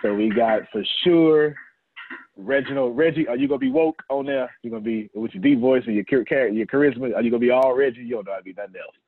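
This is a fairly quick, medium-pitched male voice in a dry recording that still comes through thin and phone-like. He hosts an informal business meeting, doling out tasks with jokes, laughter, and plenty of repetition.

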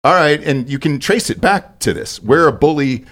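A man from Texas chatting casually on a podcast, relaxed and rambling, swearing freely. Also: mid-range voice, normal speed. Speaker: podcast host.

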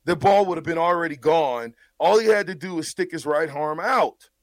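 A man's voice: on the high side, moderate pace, dry recording. A man, a former player, breaking down a football game in blunt, emphatic casual talk, often stumbling over repeated words.

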